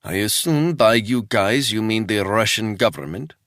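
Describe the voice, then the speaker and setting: A man voicing a confident female agent who speaks in a brisk, knowing, slightly teasing way. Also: on the low side, expressive, a bit bright, no echo, clean studio sound, voice pushed up.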